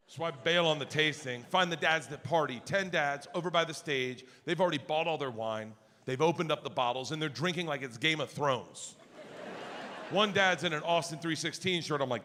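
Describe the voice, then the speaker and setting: A middle-aged man doing stand-up storytelling on a live stage, loud and laughing. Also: on the high side, animated, brisk. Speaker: stand-up comedian. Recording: noisy live comedy stage.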